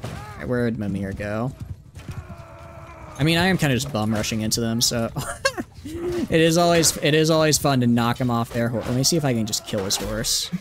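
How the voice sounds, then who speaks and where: A man's voice: mid-range voice, sing-song, normal speed, a little hiss or hum. Man streaming, chatty and joking. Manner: playful, rambling, lots of "like" fillers. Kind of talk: casual live gameplay commentary.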